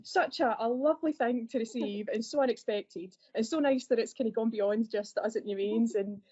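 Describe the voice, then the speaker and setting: A woman's voice: fairly high pitch, moderate pace, dark tone, breathy edge. A Scottish woman who works as a library assistant, chatting on a podcast in a friendly, self-deprecating way. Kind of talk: podcast conversation. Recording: dull lo-fi podcast audio.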